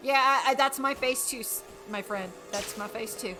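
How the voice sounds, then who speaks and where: A woman's voice: on the high side, moderate pace. A woman streaming a video game, chatting along with giggles and exclamations, with game music behind. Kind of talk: live game commentary.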